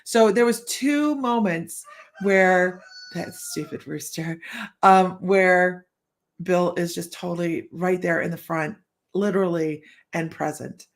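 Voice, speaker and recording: A woman's voice: on the low side, takes it slowly. A woman psychic hosting a live stream from her room at home, chatting casually, telling stories, acting out what people said and laughing often. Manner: chatty storyteller who acts out quotes and laughs often. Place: room at home with the window open.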